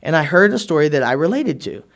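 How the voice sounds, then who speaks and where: A man's voice: a little high, big pitch swings, quick pace, vocal fry, fairly bright tone. A man in his thirties telling a wry, sarcastic personal recovery story to a meeting and acting out other people's lines.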